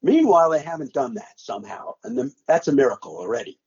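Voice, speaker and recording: A man's voice: mid-range voice, big pitch swings, fast talker, darkish tone, breathy edge, highs cut off. An older male sportscaster telling the story of a game he called, dramatically re-enacting his own play-by-play. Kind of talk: animated storytelling interview.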